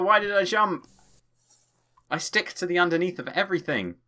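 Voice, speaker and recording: With a fairly high-pitched voice at normal speed, a man hosts a gaming channel let's play, his commentary excitable and playful and peppered with homemade sound effects.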